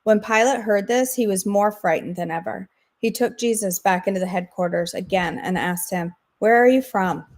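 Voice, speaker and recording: A woman hosting a daily devotional, reading scripture aloud in a steady, measured way. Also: mid-range voice. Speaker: devotional host.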